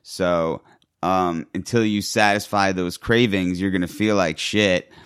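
Man, low and smooth-voiced, casual rambling talk, profane, lots of restarts. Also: fairly even intonation, a little slow, a bit bright. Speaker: guest describing withdrawal. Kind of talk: casual conversation.

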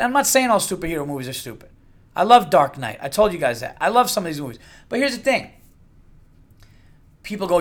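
Middle-aged male podcast host, high-pitched, blunt and profane, rambling delivery. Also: sing-song, brisk, a bit bright. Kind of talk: casual solo podcast rant.

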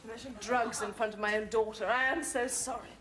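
A woman's voice: on the high side, steady tone, a little fast, crowd noise, lightly acted. An actress playing a self-absorbed, flustered English mother in an archive TV sketch, gushing endearments and swearing. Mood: apologetic. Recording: archive TV clip with audience laughter and noise.

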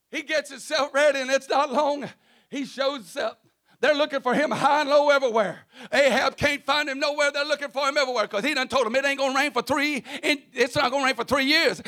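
A male preacher telling a Bible story in a sermon, shouting and acting out the voices. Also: extremely high pitch.

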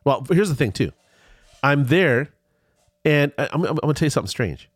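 A man's voice: on the high side, fairly quick, slightly rough, dry recording. A man telling a long, rambling story in a casual chat, his voice rising and falling a lot. He restarts his sentences often, and the sound is close and dry. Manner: rambling, animated, with many restarts.

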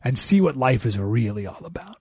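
A man's voice: medium pitch, sing-song, a little fast, a little mellow, breathy edge, no room sound, studio quality, full character voice. A man voicing a snobbish male city mouse in a retold fable, coaxing and smug.

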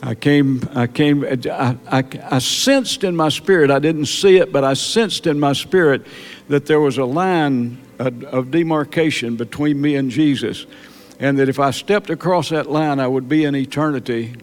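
A man preaching a sermon in church, halting and repeating words, then building to emphatic peaks. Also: mid-range voice. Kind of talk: sermon testimony.

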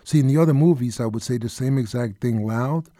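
A man doing an impression of a soft-spoken older male gangster actor, talking low and knowing. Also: fairly quick, no room sound, clean studio sound, close to an everyday voice. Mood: hushed knowing.

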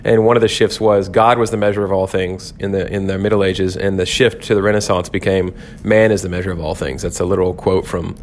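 A man's voice: low-pitched, flat delivery, a little fast, few pauses, slight background noise. A man hosting his first devotional podcast, teaching on a psalm in an earnest, thoughtful way and often restarting his sentences. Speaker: podcast host, pastor.

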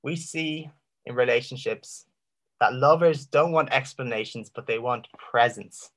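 A man giving an impassioned Christian apologetics talk, full of rhetorical questions and dramatic pauses. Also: mid-range voice, a bit bright. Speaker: Christian speaker.

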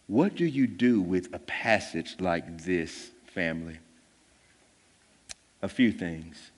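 A male pastor preaching a sermon in a conversational way, jumping between loud bursts and hushed lines and acting out the voices of people in the story. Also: low voice, lively intonation, slow, pauses often. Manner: conversational, acts out voices of disciples. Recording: long hall reverb.

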